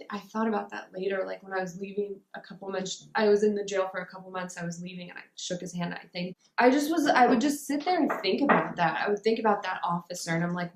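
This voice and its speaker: A woman's voice: medium pitch, a little hiss or hum. A young woman telling her personal recovery story in an interview, talking casually and rambling with many fillers. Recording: roomy echo.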